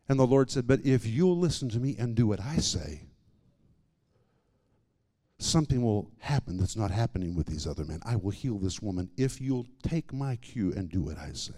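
Guy preaching a sermon story, mid voice, goes quiet then loud for drama. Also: mid-range voice, lively intonation, normal speed.

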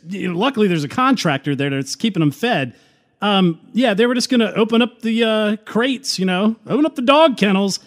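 Brief: a man with a high, sardonic voice, mocking the news. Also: animated, brisk. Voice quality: sarcastic, laughing asides. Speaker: commentary host. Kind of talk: sarcastic political commentary.

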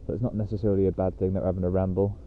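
Out on a dog walk, a man hosts a casual solo podcast, rambling chattily with plenty of fillers. His voice is low with little pitch movement and he races along. The recording has a tinny, phone-like sound.

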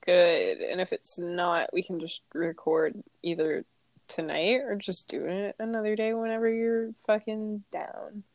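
A woman's voice: fairly low pitch, steady tone, measured pace, no room sound. A woman hosting a casual podcast from a room at home, laughing often, swearing freely and rambling from one thought to the next. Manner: giggly, swears a lot, rambling. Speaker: podcast host.

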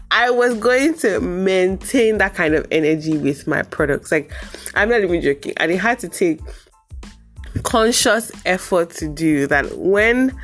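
Low-voiced woman hosting a motivational podcast. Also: moderate pace, faint music behind. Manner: animated, jumps to high excited pitch when acting out reactions. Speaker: podcast host. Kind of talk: casual motivational podcast talk.

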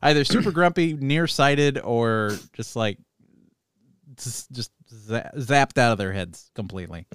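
A man's voice: medium pitch, unhurried, a bit bright, clear, resonant tone, no echo, studio quality. A man co-hosting a podcast, chatting casually about a movie in a laid-back, agreeable way with frequent hesitations. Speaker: podcast co-host. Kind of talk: casual movie review chat.

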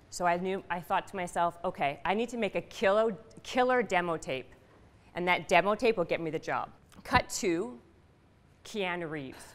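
A middle-aged woman telling a personal story to an audience, animated and punchy, asking the room questions. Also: fairly low pitch. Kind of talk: storytelling talk. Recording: reverberant hall.

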